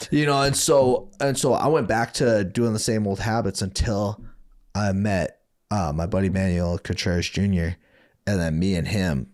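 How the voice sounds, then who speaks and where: Guesting on a podcast, a Saint Paul, Minnesota man who used to fight recounts his life with plenty of profanity and laughter, voicing the people he quotes. He speaks at a normal speed in a lowish, darkish voice.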